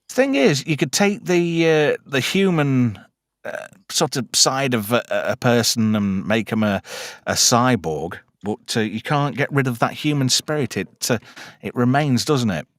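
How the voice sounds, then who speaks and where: In a clean studio recording with no room sound, a male podcast host with a medium-pitched, slightly bright voice chats about movies. He jokes crudely and leans heavily on fillers.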